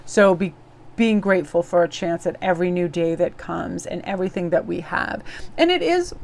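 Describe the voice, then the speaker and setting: A woman's voice: fairly low pitch, lively intonation, normal speed, vocal fry, darkish tone, a little hiss or hum. A woman giving a casual daily tarot reading in a bubbly, effusive, chatty way. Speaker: tarot reader.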